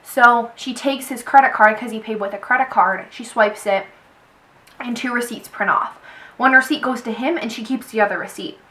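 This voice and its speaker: A young woman vlogger telling a personal story to the camera. She talks in an animated way and quotes people with "he's like.". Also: on the high side, moderate pace, low-quality recording. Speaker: beauty vlogger. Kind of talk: storytime vlog.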